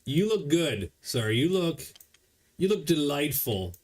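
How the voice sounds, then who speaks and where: A man voicing a male orc who fawns over a traveler in an oily, flattering way. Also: fairly high pitch, slow, exaggerated voice. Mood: fawning.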